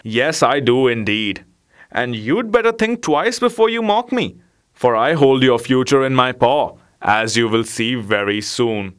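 Clever plotting house cat, guy reading it, earnest and knowing, smooth clear voice. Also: mid-range voice, lively intonation, unhurried, fairly bright tone.

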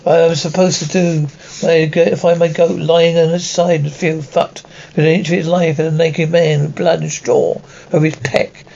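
Crude, indignant cartoon villager in a tavern; rough and gravelly, with a muffled sound. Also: male voice, a little high, flat delivery, normal speed, dark tone. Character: crude coarse male villager telling a bawdy tavern tale.

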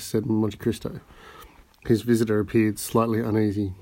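A man's voice: fairly low pitch, flat delivery, moderate pace, dark tone. A man reading a classic novel aloud as an amateur audiobook narrator, with occasional slips and restarts. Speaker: audiobook reader.

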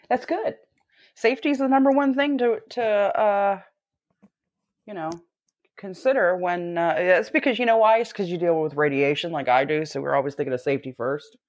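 A woman's voice: on the low side, normal speed, darkish tone. A woman chatting casually on a podcast, talkative, swearing freely and laughing along. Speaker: podcast co-host. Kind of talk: casual chat. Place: Southern US, Florida.

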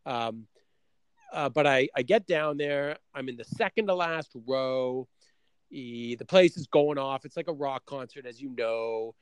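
A man's voice: medium pitch, a little slow, clear, resonant tone, no echo. A middle-aged man from Canada telling a story in casual chat, acting out both sides of his conversations.

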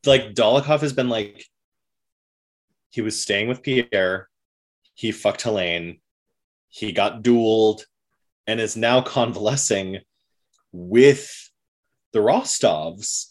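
A man in casual conversation, eagerly retelling a story with lots of fillers and quick bits of acted-out dialogue. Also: on the low side. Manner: animated storyteller, many fillers, acts out characters' lines. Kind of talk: casual chat recapping a period drama.

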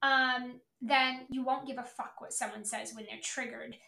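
A woman's voice: on the high side, fairly even intonation, moderate pace, gravelly, sharp tone, echoey room. A middle-aged woman hosting a podcast, ranting bluntly and profanely about selling as a coach. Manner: profane, brash, emphatic. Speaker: podcast host, sales coach. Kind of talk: blunt motivational podcast rant.

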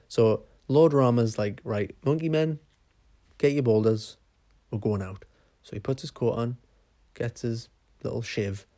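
A man's voice: medium pitch, mellow, dry recording. Chatty sweary man telling a story. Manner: chatty, sweary, says "right?" often. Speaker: podcast host. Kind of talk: casual storytelling.

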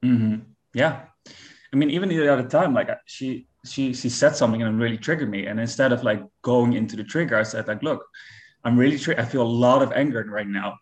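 Earnest, reflective male relationship coach. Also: medium pitch. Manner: earnest, reflective, halting with restarts and fillers. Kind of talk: casual podcast conversation.

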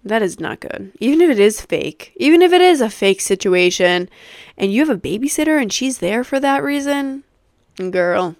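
A woman in her twenties hosting a podcast, telling a story in a casual, animated way, swearing freely and using many fillers. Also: on the high side, moderate pace, no room sound, clean studio sound. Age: 20s. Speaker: podcast host.

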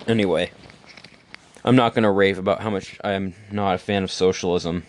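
A man's voice: low voice, fairly even intonation, brisk, noisy background. A young man hosting his own show, giving opinions in a rambling, casual monologue. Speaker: podcast host.

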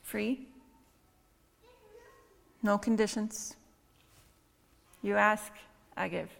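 A woman preacher giving a conversational sermon, full of rhetorical questions and quick "right?" asides. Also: medium pitch, steady tone, gravelly. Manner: conversational, asks many rhetorical questions with tag questions. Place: church hall. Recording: long reverb in a hall with faint music.

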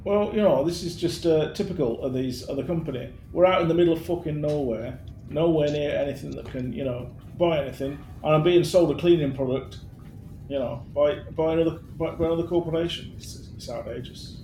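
A man playing a tabletop role-playing game, talking in a hesitant, halting way. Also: fairly high pitch, warm tone, reverberant, slight background noise. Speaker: player. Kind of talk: tabletop role-play, in character.

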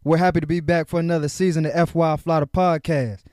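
A man's voice: on the high side, steady tone, fast talker, a little mellow, dry recording, studio quality. A young man from Houston hosting a casual podcast, talking in hype, slangy, upbeat bursts. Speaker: podcast host.

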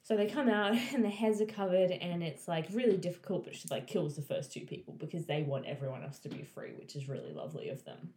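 A woman's voice: fairly low pitch, fast, few pauses, dark tone, roomy sound. A woman casually retelling a book's plot to a friend, swearing freely and acting out the characters' lines. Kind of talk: casual chat.

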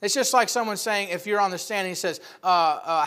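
A man's voice: high-pitched, brisk, sharp tone, clean tone. A man preaching a sermon, emphatic and rising in volume on key points.

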